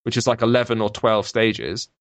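A man's voice: fairly low pitch, level tone, normal speed. A man, hosting a casual podcast chat about games, jokey and rambling through lists. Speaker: podcast host.

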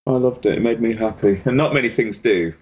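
A man's voice: medium pitch, a little fast, darkish tone, husky, highs cut off. A man co-hosting a casual podcast chat, enthusiastic and often restarting his words. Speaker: podcast co-host.

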